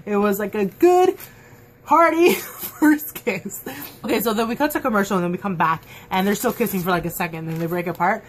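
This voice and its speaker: Brief: excitable woman reviewer, mid-pitched, gushing fan chat with light background hiss. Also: fairly quick. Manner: gushing, excitable, full of "like" and fillers. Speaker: TV episode reviewer. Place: at home, dog nearby.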